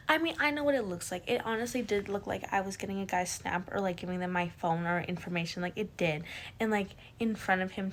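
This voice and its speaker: Young woman vlogger, gravelly fry, rambling casual delivery, faint hum behind her. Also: on the high side, a bit bright. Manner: rambling, filler-heavy, lots of "like" and "right?". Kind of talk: casual storytime.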